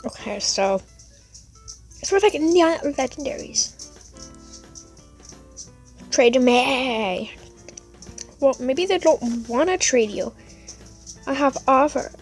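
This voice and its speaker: A woman's voice: sits high, lively intonation, slow pace, long pauses, soft background music. A woman casually commenting on a game she is playing, chatty, and cooing at and scolding her pet dog along the way. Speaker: gaming vlogger.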